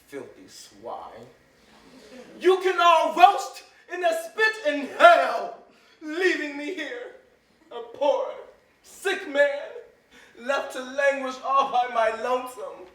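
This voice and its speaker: An actor playing a petulant, bossy hypochondriac master in a stage comedy, complaining and wailing theatrically. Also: male voice, very high voice, big pitch swings, takes it slowly, a bit bright, far from the mic, exaggerated voice. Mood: grumbling. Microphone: distant room mic. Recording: echoey theater recorded from afar.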